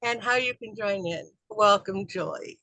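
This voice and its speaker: A woman co-hosting an interview show, reading a prepared introduction in a measured, earnest way. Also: mid-range voice, bright, forceful tone, dry recording, poor audio. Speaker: co-host.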